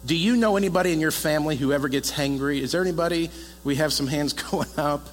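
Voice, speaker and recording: A man preaching a sermon as a pastor, talking in a lively, conversational way and joking with the congregation. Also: a little high, fast talker. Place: church hall. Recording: echoey hall with faint mains hum.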